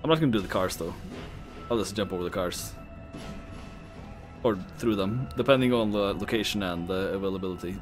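A man streaming a game who jokes and swears loudly as he plays. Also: sits low, fairly quick, pauses often, over music. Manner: jokey, swears a lot, lively. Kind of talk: casual game commentary.

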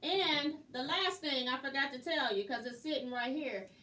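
A woman's voice: high-pitched, moderate pace, pushed and bright. Chatty woman teaching quilting in a roomy space. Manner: chatty, laughs often. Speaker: quilting instructor and host. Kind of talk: casual live-stream tutorial. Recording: roomy, distant mic, faint noise.

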